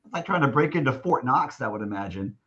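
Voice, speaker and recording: A man's voice: medium pitch, expressive, quick pace, fairly bright tone. Rambling storyteller man, muffled lo-fi sound. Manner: rambling with many restarts, acting out quoted speech. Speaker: guest, stadium announcer. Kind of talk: storytelling in a podcast interview.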